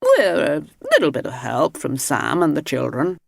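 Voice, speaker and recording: A woman's voice: sits low, huge pitch swings, normal speed, gravelly, no room sound, studio quality, full character voice. A woman voicing a stubborn, proud old male lighthouse keeper in a storybook reading.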